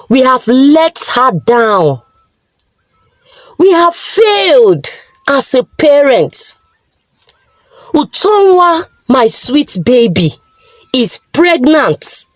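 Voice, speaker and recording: A woman's voice: high voice, darkish tone, no room sound, exaggerated voice. A woman voicing an angry, grieving middle-aged father, scolding and wailing.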